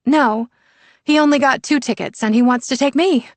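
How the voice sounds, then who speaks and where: A woman narrator voicing a sulky teenage daughter in an audiobook, pitching up to sound younger and whinier. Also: moderate pace, no room sound. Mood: petulant. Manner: whiny, higher and louder than the narration. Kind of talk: audiobook character voice.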